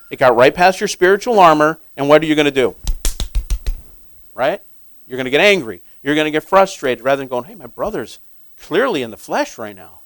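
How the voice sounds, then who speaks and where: A man preaching in a casual, questioning tone that builds to loud emphasis when he drives a point home. His voice sits at an ordinary middle pitch. The sound is dry and close, with no room echo. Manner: conversational, asks the audience questions. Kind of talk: sermon.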